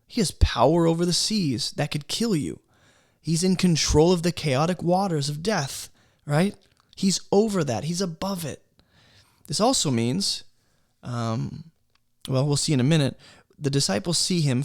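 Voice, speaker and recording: A man's voice: fairly high pitch, lively intonation, a little slow, no room sound, studio quality. A man leading a casual Bible study workshop, talking conversationally and with emphasis, often checking in with his listeners. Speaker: Bible teacher.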